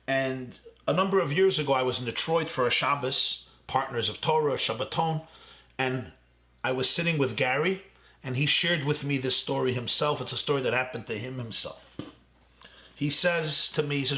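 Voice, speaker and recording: A man's voice: mid-range voice, normal speed, sharp tone. A male rabbi telling a vivid story in a speech to college students, quoting the people in it.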